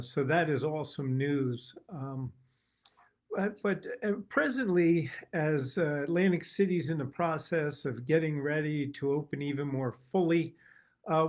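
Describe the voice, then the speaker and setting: Friendly man host, slightly high voice. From United States. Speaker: host, state senator. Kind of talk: interview conversation.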